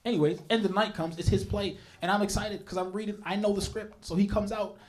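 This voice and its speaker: A man's voice: high voice, quick pace. A young man doing a stand-up comedy set on stage, telling stories animatedly and bantering with the crowd. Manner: animated storytelling with big voice jumps for quoted people. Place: comedy stage before a live audience.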